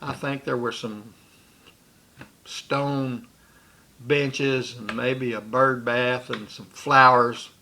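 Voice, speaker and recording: A man's voice: mid-range voice, fairly even intonation, extremely slow, vocal fry, long pauses, bright, forceful tone. A man recounting a personal memory in a rambling way, with restarts and asides. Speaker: storyteller.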